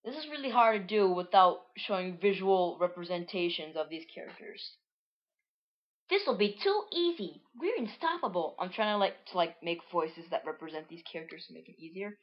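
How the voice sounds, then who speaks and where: A woman's voice: lowish voice, brisk, hardly any pauses, lo-fi sound. A woman casually reading through a comic she made as a child, rambling and full of fillers. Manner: rambling, filler-heavy, lots of "like". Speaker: reader of her own childhood comic. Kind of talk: casual storytelling read-through.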